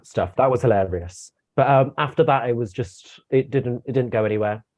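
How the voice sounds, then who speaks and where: A young man gives blunt opinions in an easy review chat, stammering through restarts as he talks. His voice sits at a middle pitch, and the sound is a bit dull and lo-fi. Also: normal speed, darkish tone. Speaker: co-host guest.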